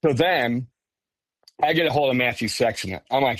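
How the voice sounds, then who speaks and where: A man telling his own story as a podcast guest in a casual, animated way, often breaking off and restarting. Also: mid-range voice, normal speed, pauses often, dry recording. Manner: animated, self-interrupting, says "frickin'". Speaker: podcast guest recounting encounters.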